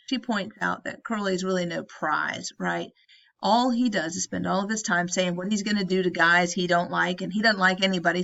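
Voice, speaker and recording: A woman's voice: mid-range voice, creaky, a bit bright, lo-fi sound. A woman teacher retelling a story in a casual, chatty way and often asking "right?". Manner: chatty, tags statements with "right?".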